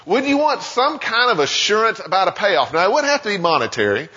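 A man delivers a sermon with an animated, swooping voice that turns his congregation's doubts into questions. His tone is somewhat breathy and husky. The recording is muffled and lo-fi, carrying the long echo of a large hall. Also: high-pitched, brisk, few pauses. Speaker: pastor. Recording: dull sound with long hall reverb.

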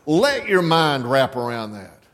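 A man preaching a sermon, telling a story slowly and emphatically, repeating key lines. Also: a little high, very animated, a bit bright, in a large hall. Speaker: pastor.

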